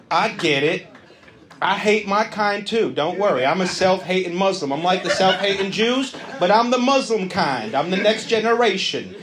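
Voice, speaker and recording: A man's voice: sits high, animated, normal speed. A man doing profane, brash crowd-work stand-up comedy on stage. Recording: live club audience. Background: crowd laughter.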